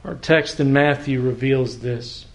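A pastor delivers a sermon in an earnest, medium-pitched voice, slowing down for emphasis and now and then repeating words while he searches for them. There's a slight background noise in the recording.

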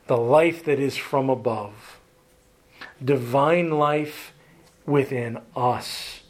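Male preacher, unhurried sermon delivery, soft trailing phrase endings, direct questions to the congregation. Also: medium pitch. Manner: slow, deliberate preaching that trails off softly at phrase ends; asks the listeners direct questions.

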